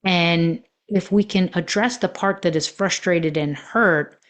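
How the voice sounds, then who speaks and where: A woman's voice: lowish voice, measured pace. A woman coaching on relationships in a podcast monologue, telling personal stories in a reflective way with many fillers.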